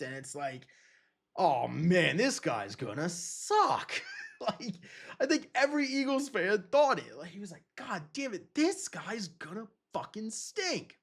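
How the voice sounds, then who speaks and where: A young man hosting a podcast, rambling through casual sports talk in an excitable way and swearing freely. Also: on the high side. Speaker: podcast host.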